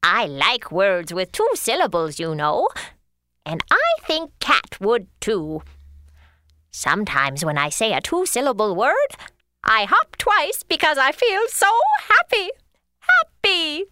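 A woman voicing a flustered, forgetful female rabbit in a children's educational audio story, dithering with drawn-out sighs. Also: mid-range voice, big pitch swings, pushed and bright. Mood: fretful. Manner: dithering, sighing, drawn-out exclamations.

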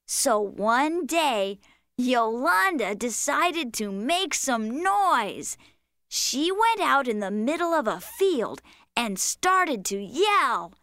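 A woman's voice: sits high, sing-song, takes it slowly, fairly bright tone, dry recording, studio quality, heavily acted. A woman voicing a patient, playful cartoon critter who tells a bedtime story in a sing-song, coaxing manner. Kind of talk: children's cartoon voice acting.

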